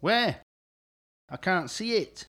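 A grumpy, sarcastic caller. His voice sits fairly high and swings about wildly as he snaps and shouts back at the help desk. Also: animated, takes it slowly. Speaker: exasperated caller. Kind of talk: comic sketch acting.

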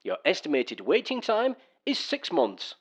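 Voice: medium pitch, huge pitch swings, measured pace, dull audio. A performer voicing an automated phone queue system that makes recorded, impassive announcements.

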